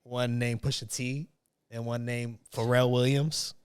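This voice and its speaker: A man's voice: medium pitch, level tone, measured pace, a little mellow, smooth. A man hosting a podcast in casual chat, rambling with many fillers and restarted sentences. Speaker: podcast host.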